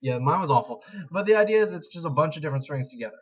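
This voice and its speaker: A man's voice: on the high side, lively intonation, very fast, breathy edge. A young man giving a casual screen-recorded tutorial, rambling and self-deprecating as he explains. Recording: slightly dull lo-fi mic.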